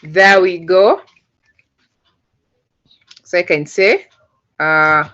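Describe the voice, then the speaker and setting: Speaking on the low side with drawn-out words and frequent pauses, this woman from Uganda has a slightly bright tone. She is giving online class instruction in coding over video, explaining step by step, patiently and with lots of fillers, and the call audio is dull and lo-fi.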